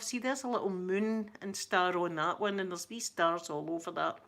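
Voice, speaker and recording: A woman's voice: on the low side, fairly bright tone. Chatty Glaswegian woman, laughing often. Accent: Glaswegian Scottish. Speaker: ASMR channel host answering live chat. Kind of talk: casual live-stream chat.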